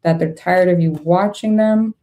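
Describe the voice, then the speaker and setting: A woman's voice: lowish voice, steady tone, moderate pace, narrow, tinny audio. A young adult woman giving a casual tarot reading to camera, blunt and exasperated, swearing freely as she reacts to the cards. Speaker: tarot reader.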